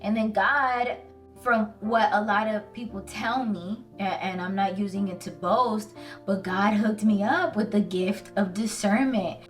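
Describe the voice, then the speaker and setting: A woman giving an earnest, casual Bible talk to her viewers, telling it with lively, slangy storytelling and plain emotion. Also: medium pitch, measured pace, distant mic, soft background music. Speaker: Christian video host.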